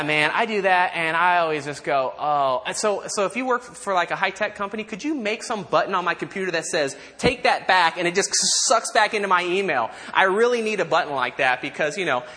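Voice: mid-range voice, a bit bright. A pastor preaching a sermon in a conversational way, with joking asides to the congregation and repeated lines said together. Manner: leads call-and-response repetition.

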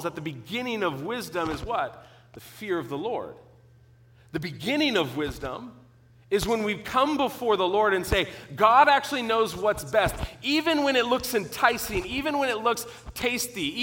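A middle-aged man preaching a sermon, earnest and emphatic, teaching with pauses and restarts. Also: sits high, bright, forceful tone. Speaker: pastor.

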